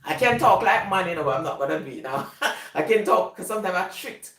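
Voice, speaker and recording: A woman's voice: lowish voice, animated, a little fast, fairly bright tone. Laughing Jamaican woman telling stories. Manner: rambling, laughs often while telling stories. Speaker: vlogger. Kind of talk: casual storytelling. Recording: echoey room, voice from a distance.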